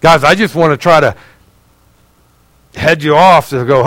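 Earnest and conversational, a male pastor asks his congregation pointed questions during a sermon, shifting between forceful raised passages and hushed low asides. He's brisk but pauses often, captured in a dry, rough recording.

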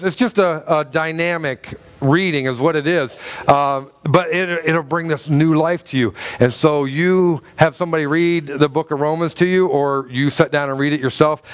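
Middle-aged male pastor, casual joking sermon delivery, slightly high voice. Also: smooth. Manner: chatty and joking, with many restarts and laughs.

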